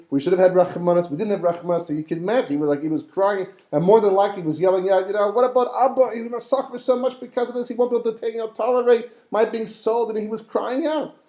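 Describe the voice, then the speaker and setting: A man's voice: a little high, dark tone, echoey room. A man teaching a Torah class as a rabbi, talking animatedly and acting out the voices of figures in the story. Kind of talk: lively Torah class lecture.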